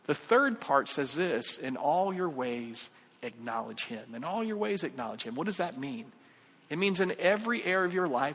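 Male pastor, chatty jokey sermon, bright fairly high voice, hall reverb. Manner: conversational, jokey, acts out quoted voices. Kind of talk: sermon with acted-out story.

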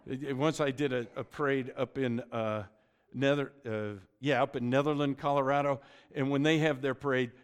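A man's voice: mid-range voice, fairly even intonation, normal speed, smooth. A middle-aged man preaching a sermon, telling the story with joking asides and often restarting his sentences. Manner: frequent stammered restarts. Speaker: pastor.

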